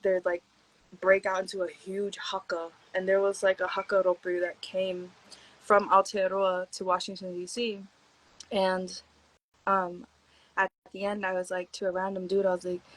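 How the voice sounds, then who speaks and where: A woman's voice: medium pitch, level tone, normal speed, low-quality recording. A young woman from Hawaii, a podcast guest, telling stories in a laid-back, slangy way with lots of "like" fillers and acted-out quotes. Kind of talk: casual storytelling chat.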